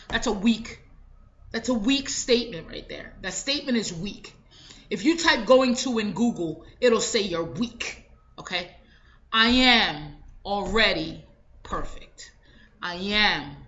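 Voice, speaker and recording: A woman's voice: medium pitch, a bit bright. A woman giving an emphatic motivational speech, repeating affirmations for her listeners. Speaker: motivational speaker. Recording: dull lo-fi recording.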